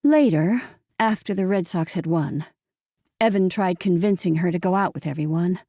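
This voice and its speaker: Here a female narrator delivers scripted audiobook narration of a novel, steady and measured. Her fairly low, dark, mellow voice carries a gravelly fry, and the close studio mic yields a dry recording with no room sound.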